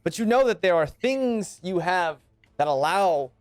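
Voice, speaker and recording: A man narrating a tabletop game as game master in a calm, deliberate way. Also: sits high, dry recording. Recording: dry close mic with faint music.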